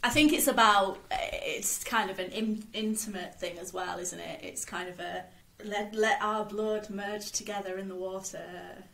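A woman co-hosting a podcast, chatting casually about a play, animated and quick to laugh. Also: mid-range voice, creaky. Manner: animated, laughs often, reads lines aloud. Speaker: podcast co-host. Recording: roomy echo.

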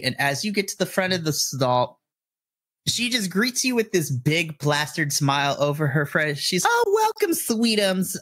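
Giggly, excitable game master man. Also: on the high side. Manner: excitable, giggly, lots of restarts. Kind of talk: narrating a tabletop game.

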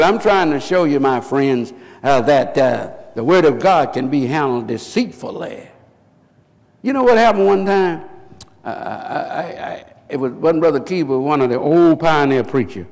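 Impassioned preacher in a reverberant church. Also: male voice, fairly high pitch. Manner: impassioned, rising to emphatic shouts and call-and-response questions. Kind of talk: sermon. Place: church sanctuary. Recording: live church recording with long reverb.

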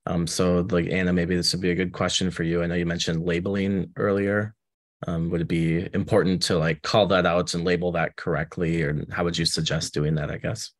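A man's voice: low-pitched, flat delivery, fairly quick. A man relaying audience questions in a webinar, asking hesitantly with many fillers. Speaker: moderator relaying chat questions.

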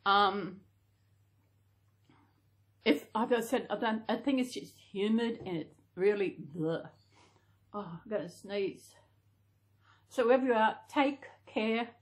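Aussie lady rambling on her vlog, corrects herself a lot, bit high-pitched. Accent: Australian. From Australia. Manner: rambling, self-correcting, chatty. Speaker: doll collector vlogger. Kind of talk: casual chat to camera.

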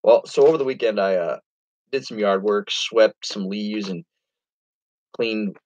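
A man's voice: fairly low pitch, unhurried, darkish tone, low-quality recording. A man chatting casually on a live stream as an online reseller, rambling to viewers and reading their comments aloud.

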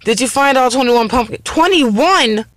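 A man's voice: very high voice, animated, moderate pace, fairly bright tone, dry recording. A man hosting a gaming video, chatting casually and reacting aloud as he plays. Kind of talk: casual gameplay commentary. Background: game music.

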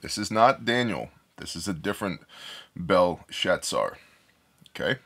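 A man's voice: low voice, a bit bright, slight background noise. A man reading scripture aloud and breaking off to explain it in a casual, digressive way, thinking aloud as he goes. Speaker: Bible study teacher.

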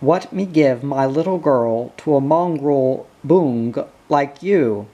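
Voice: medium pitch, slow, warm tone, muffled recording. A reader doing a snarling old station boss. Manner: snarling, abusive. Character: bitter, angry old male station boss.

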